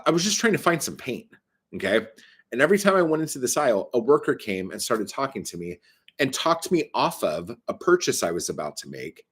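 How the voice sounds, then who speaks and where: A man vlogging a casual ranting monologue, profane and exasperated, telling his story with animation. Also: mid-range voice.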